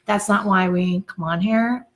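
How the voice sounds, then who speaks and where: A woman's voice: medium pitch, steady tone, unhurried. A woman chatting on a live stream from home, telling a story in a chatty, self-mocking way. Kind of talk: casual live-stream chat.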